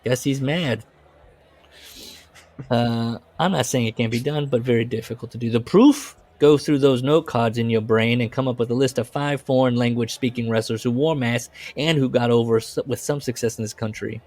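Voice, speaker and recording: A man's voice: medium pitch, a little fast, few pauses, a little mellow, no room sound. A man co-hosting a podcast, reading book passages aloud and breaking into laughing asides. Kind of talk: casual chat, reading aloud.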